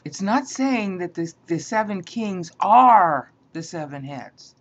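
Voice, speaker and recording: A woman with a lowish, expressive voice speaks slowly while teaching a Bible lesson. She explains grammar point by point in a lecture style, often checking in with "all right?", and the recording sounds dull and lo-fi.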